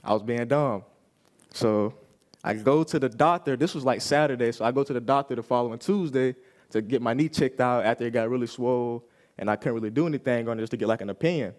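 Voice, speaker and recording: Young man, personal testimony, youth service, casual storytelling, acts out quotes, mid-pitched voice. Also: fast talker, darkish tone.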